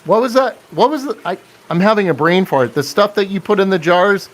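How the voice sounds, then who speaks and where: A man's voice: sits high, expressive, a little fast. A man hosting a casual live stream, chatting and answering viewer comments with frequent laughs.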